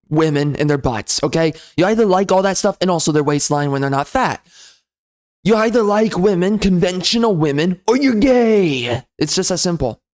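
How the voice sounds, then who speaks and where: A man delivering a loud, sneering, profane comedy rant as a game reviewer. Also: a little high. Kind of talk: ranting comedy commentary.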